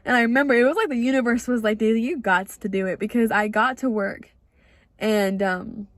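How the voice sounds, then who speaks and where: Chatty young woman, a bit high. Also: no room sound. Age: young adult. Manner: chatty and confessional, heavy use of "like"; acts out her own past words in quotes. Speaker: podcast host. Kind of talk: casual solo storytelling.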